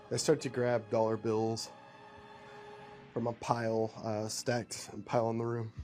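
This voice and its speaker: A man's voice: mid-range voice, completely flat delivery, unhurried, darkish tone, soft background music. Casual man narrating a story. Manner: casual, rambling, with fillers.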